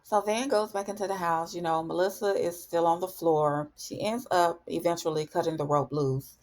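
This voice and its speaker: A woman hosting a casual TV recap, chatty and animated, calling her viewers "honey". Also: lowish voice, normal speed. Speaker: TV recap host. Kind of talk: casual spoken episode recap.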